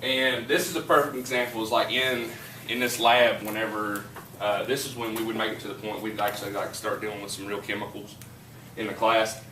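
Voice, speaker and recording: A man's voice: fairly low pitch, level tone, brisk, pushed and bright, echoey room, far from the mic, a little hiss or hum, low-quality recording. Southern West Virginia man teaching chemistry. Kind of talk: casual classroom storytelling and lecture. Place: classroom.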